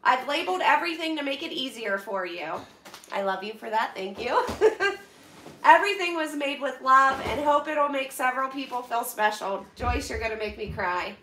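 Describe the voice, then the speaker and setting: Gushing high-voiced woman in an echoey room. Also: expressive, normal speed, pushed and bright, a little hiss or hum. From Pennsylvania, US. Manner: effusive, emotional, gushing thanks. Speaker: vlogger opening donated boxes. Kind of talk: casual chat to viewers. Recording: echoey room, mic at a distance.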